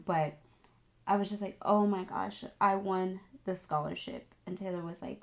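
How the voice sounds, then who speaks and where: There's a gravelly edge to this young woman's voice as she tells her camera audience a story at a moderate pace. A vlogger studying esthetics, she's emotional and chatty, leaning heavily on "like" and filler words, with her voice spiking at thrilling parts and occasionally turning tearful.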